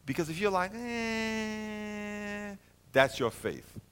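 A man teaching a Bible lesson in a lively sermon style, joking and swinging between loud and quiet. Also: moderate pace. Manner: animated, jokey, swings from loud to low.

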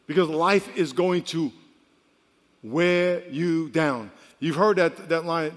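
Male pastor, 50s, fairly high voice, lively sermon storytelling, long church-hall reverb. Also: takes it slowly. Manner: animated storytelling, swings from quiet to loud.

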